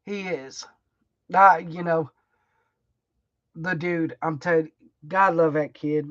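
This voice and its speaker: Middle-aged woman, livestream chat, rambling and folksy, very slow, slightly muffled audio. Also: low voice, fairly even intonation, no echo. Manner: rambling, emotional, laughs often, folksy phrasing. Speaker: livestream host. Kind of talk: casual heartfelt livestream chat.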